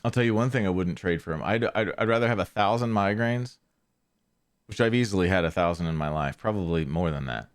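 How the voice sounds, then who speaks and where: A man's voice: sits low, fairly quick, clear, resonant tone. A man hosting a podcast, telling a story in a casual, rambling way with lots of fillers and restarts. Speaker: podcast host.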